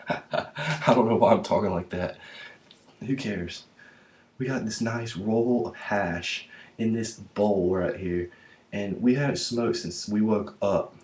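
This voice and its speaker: A man's voice: fairly low pitch, slow pace, long pauses, a little mellow. A man vlogging in a rambling, profane, slangy way. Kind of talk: rambling casual monologue to camera.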